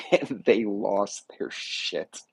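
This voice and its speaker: Husky-voiced man hosting a casual livestream. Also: lowish voice, drawn-out words, no echo. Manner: rambling, folksy, greets chat viewers by name. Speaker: livestream host. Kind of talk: casual political livestream chat.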